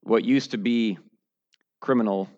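Male preacher, sermon, low quiet stretches, sudden loud high bursts, slightly dull lo-fi sound. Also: fairly even intonation, a little slow. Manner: swings from low, quiet musing to loud, high mocking outbursts. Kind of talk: verse-by-verse sermon.

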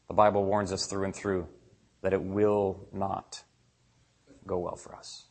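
Animated man preaching a sermon. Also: lowish voice, normal speed. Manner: conversational, animated, acts out quoted voices. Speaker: pastor.

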